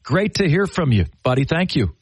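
A man hosting a call-in sports radio show, energetic and enthusiastic, quick to laugh with callers. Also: on the high side, slightly rough, no echo.

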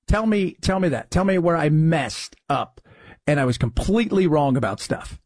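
A man's voice: on the high side, animated, moderate pace, a little mellow, no echo. A man hosting a commentary show, talking in a sarcastic, exasperated way. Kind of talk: opinionated commentary.

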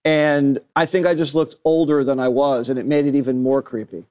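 A man on a talk panel, telling a story in a relaxed, casual way. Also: mid-range voice, a little fast. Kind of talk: casual chat.

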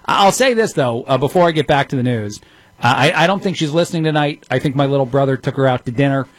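A sarcastic radio talk show host in his thirties rattles off opinionated commentary on the news, peppered with ums and uhs. His voice is at an ordinary middle pitch, and the studio sound is dry and close with no room sound.

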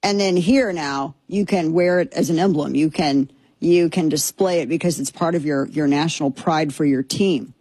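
Woman doing opinion commentary, kinda low and husky, dry close mic, rambly and snarky. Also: normal speed, mellow, no echo. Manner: chatty, sarcastic, rambling. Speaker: commentary show host.

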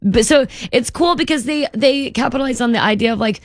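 A woman's voice: on the high side, fairly quick, no echo. Gushing woman radio co-host, dry sound. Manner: enthusiastic, chatty, gushing. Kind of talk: casual morning-show chat.

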